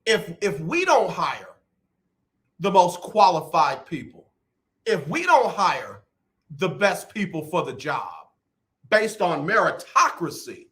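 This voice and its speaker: A middle-aged man hosting a radio talk show, animated and rambling with playful drama. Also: sits high, slow pace. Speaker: radio host. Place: radio studio.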